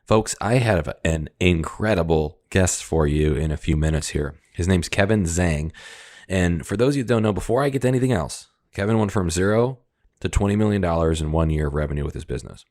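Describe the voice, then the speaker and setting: A man hosting a podcast, introducing his guest with energetic, hype-building enthusiasm. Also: low-pitched, brisk. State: out of breath. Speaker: podcast host. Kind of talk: podcast interview.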